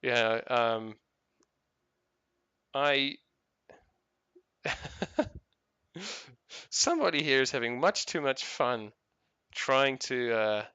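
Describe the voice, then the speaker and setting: A man's voice: mid-range voice, sing-song, very slow, pauses often, sharp tone, clean tone, dry recording, highs cut off. A man streaming a game, chatting casually and rambling, swearing freely as he talks. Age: adult, married for years. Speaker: gaming streamer. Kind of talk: casual chat while playing.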